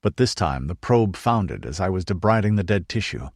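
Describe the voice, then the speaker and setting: A man voicing a calm, devout male priest and healer who speaks soothingly. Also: deep voice, a little fast, no room sound, clean studio sound, exaggerated voice.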